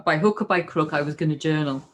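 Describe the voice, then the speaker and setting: A middle-aged woman in casual conversation, telling a personal story in an animated way, restarting her sentences and acting out her own thoughts. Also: low voice, fast, a little hiss or hum. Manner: animated, storytelling, with frequent restarts and quoted inner voices. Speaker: guest.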